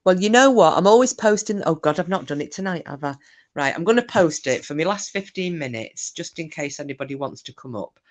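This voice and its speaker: A woman's voice: fairly low pitch, a little fast. Bawdy woman chatting on a livestream. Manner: cheeky, bawdy, lively banter. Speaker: live stream host reading chat. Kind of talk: casual chat.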